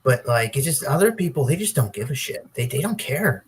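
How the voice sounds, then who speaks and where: A man's voice: mid-range voice, very animated, brisk, a little hiss or hum. A man joining a livestream as a guest, talking in a laid-back, casual way. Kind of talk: casual chat.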